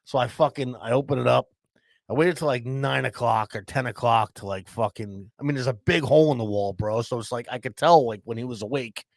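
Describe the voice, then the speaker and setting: Gravelly profane man telling a story. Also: mid-range voice, a little fast, no echo. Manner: profane, says "bro" constantly. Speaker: podcast co-host. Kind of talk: casual storytelling.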